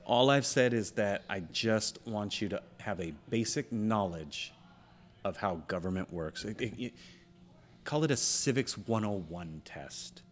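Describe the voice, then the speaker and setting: A man's voice: on the low side, animated, measured pace. A man co-hosting a casual podcast chat, ranting heatedly and swearing freely as he argues his opinions. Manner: parent of a school-age child. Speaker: podcast co-host.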